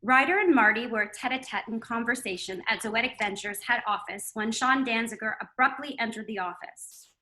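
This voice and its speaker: A woman's voice: on the high side, fairly quick, sharp tone, poor audio. A woman co-hosting a book chat, reading a passage from her novel aloud. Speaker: co-author and co-host.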